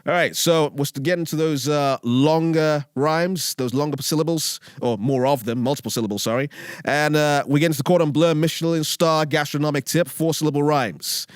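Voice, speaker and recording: A man's voice: a little high, fairly even intonation, moderate pace, clear, resonant tone, dry recording. A man with a British accent giving a casual lesson on writing rap lyrics, often checking in with "all right?" and "okay?". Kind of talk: casual instructional talk with rap examples. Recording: dry close mic with faint beat underneath.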